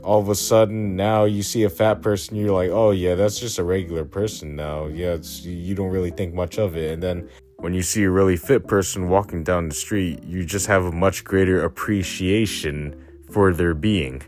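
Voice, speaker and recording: A young man with a deep, low voice delivers a casual rant. His tone is blunt, crude and mocking, and his speech is full of slang. Faint background music plays beneath him. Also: fairly even intonation, normal speed, darkish tone.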